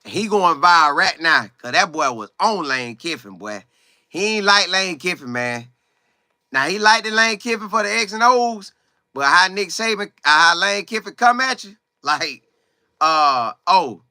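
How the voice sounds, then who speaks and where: Bright-voiced man chatting live. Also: high voice, no echo, clean studio sound. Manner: animated, greets viewers by name, talks in quick bursts. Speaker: livestream host. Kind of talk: casual live chat about football.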